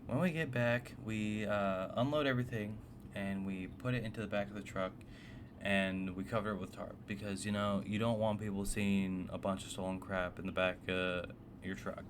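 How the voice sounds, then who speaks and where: A man's voice: lowish voice, steady tone, normal speed, background noise. Profane, exasperated man telling a story. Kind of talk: casual storytime narration.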